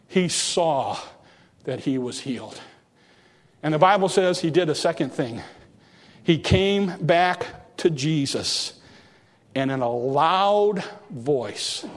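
A man preaching a sermon earnestly, repeating phrases and restarting words as he goes. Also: mid-range voice. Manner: earnest, repetitive, with stumbling restarts.

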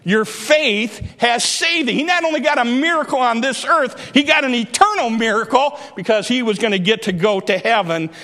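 A man's voice: very high-pitched, moderate pace, hardly any pauses, pushed and bright. A male preacher delivering a sermon, retelling a story dramatically and acting out the voices.

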